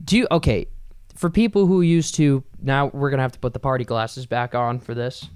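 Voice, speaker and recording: A man's voice: mid-range voice, a little fast, darkish tone, clean tone, no echo, clean studio sound. A young man hosting his own podcast, telling loose, rambling stories with lots of fillers and the odd swear word. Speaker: podcast host. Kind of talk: casual solo podcast monologue.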